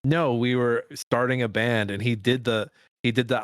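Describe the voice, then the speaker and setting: A man co-hosting a casual movie podcast, joking and swearing as he acts out bits in silly voices. His voice sits at an ordinary pitch. The recording is dry and close to the mic. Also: steady tone, normal speed, clear, resonant tone, dry recording. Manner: profane, jokey, acts out quotes. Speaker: podcast co-host.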